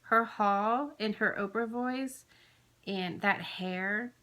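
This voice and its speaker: A woman's voice: medium pitch, slow pace, pushed and bright. A woman, rambling chattily with lots of fillers as she vlogs about her craft haul. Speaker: flosstube vlogger. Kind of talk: casual chatty haul video.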